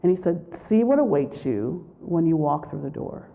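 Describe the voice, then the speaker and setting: A woman gives a spiritual retreat talk, with a slightly gravelly voice. She tells her stories in an animated way and acts out what people said. The sound is thin and tinny, like it came over a phone line. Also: deep voice, normal speed. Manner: animated storytelling, acts out quotes. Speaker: retreat speaker.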